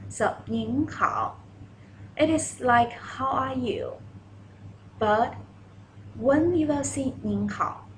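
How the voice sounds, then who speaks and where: Slow-speaking Chinese woman teaching Mandarin. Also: on the high side, background noise. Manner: slow, careful, repeats phrases for learners. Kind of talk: online language lesson.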